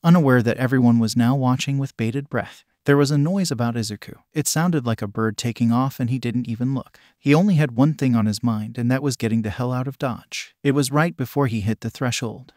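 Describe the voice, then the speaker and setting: Even-toned male fan-fiction narrator. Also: medium pitch, brisk, few pauses, no room sound, clean studio sound. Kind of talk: reading fan fiction aloud.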